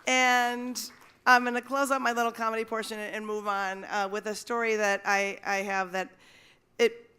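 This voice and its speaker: A woman's voice: a little high, little pitch movement, moderate pace, sharp tone, smooth. A middle-aged woman from Minnesota emceeing an awards evening on stage, telling wry comic stories and acting out the voices of the people in them. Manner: wry storytelling, acts out voices in quotes. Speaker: event emcee. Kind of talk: stand-up comedy and emceeing at an awards event. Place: event hall stage. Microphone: stage microphone.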